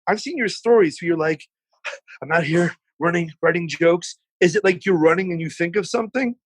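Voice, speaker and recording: A chatty man in his forties talks animatedly and swears freely as a podcast guest. His voice sits somewhat high for a man. The recording is dry and close. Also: a little fast, breathy edge, no echo, rough recording. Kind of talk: casual chat. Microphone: remote call setup.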